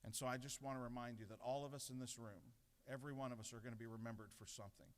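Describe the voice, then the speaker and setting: A man's voice: medium pitch, fairly even intonation, very fast. Middle-aged man preaching in a hall. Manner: earnest, with self-deprecating storytelling humor. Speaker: pastor giving a devotional. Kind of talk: sermon. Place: large legislative chamber. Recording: long reverb in a large chamber.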